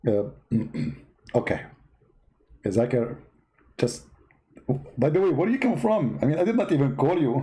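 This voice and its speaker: A man's voice: medium pitch, sing-song, measured pace, long pauses, mellow. A man from the Middle East hosting comic religious commentary in a sarcastic, mock-dramatic way. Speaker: host.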